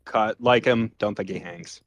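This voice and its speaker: A man's voice: lowish voice, steady tone, a little slow, no room sound, lo-fi sound. Man with dry close voice, decisive. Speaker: podcast panelist. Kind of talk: casual chat.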